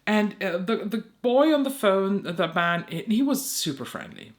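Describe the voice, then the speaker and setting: A woman's voice: mid-range voice, expressive, moderate pace. A young woman, a beauty content creator, telling an exasperated story in a casual vlog, swearing often and acting out both sides of phone calls.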